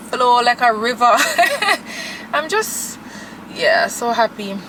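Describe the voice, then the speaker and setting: A woman's voice: a little high, sing-song, takes it slowly, background noise. A young woman, chatting and gushing to camera as a vlogger from her car. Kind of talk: casual chat to camera.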